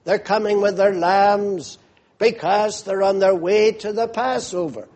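Male preacher, high voice, slow measured storytelling sermon. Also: fairly even intonation, a little mellow. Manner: vivid storytelling, asks listeners to picture the scene.

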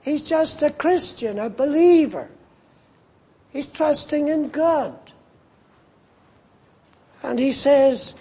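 A man preaching a sermon in a slow, earnest manner that rises as it builds. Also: very high voice, mellow.

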